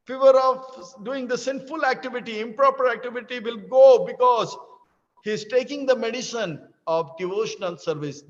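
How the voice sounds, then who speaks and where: A man gives a sermon, dramatically retelling scripture at a slow, deliberate pace. His voice is high. The sound is dull and lo-fi, with a long hall reverb. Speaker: spiritual teacher. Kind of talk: sermon storytelling.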